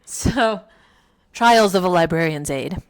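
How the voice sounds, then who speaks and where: A woman's voice: fairly low pitch, expressive, takes it slowly. A middle-aged woman chatting casually about books, rambling and correcting herself. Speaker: book reviewer, mother. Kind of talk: casual book chat.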